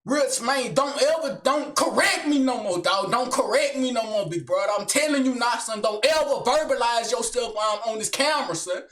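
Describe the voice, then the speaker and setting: A young man doing a high-energy comedic rant to camera, slangy and swaggering, swinging between shouting and low mutters. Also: lively intonation, fairly quick, hardly any pauses. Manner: slangy, keeps tagging lines with son and big brother. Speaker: comedic vlogger.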